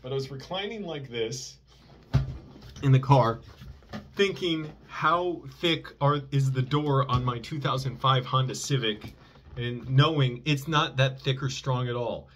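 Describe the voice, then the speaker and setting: Brief: man in a mid-pitched voice, vlogger recounting a personal story, loose and rambling, lots of self-corrections. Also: measured pace, a bit bright.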